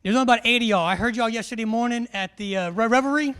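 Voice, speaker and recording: A man's voice: very high-pitched, rapid-fire, fairly bright tone, clean tone. A man, a military instructor giving a live classroom briefing in a large hall, joking and quizzing his audience.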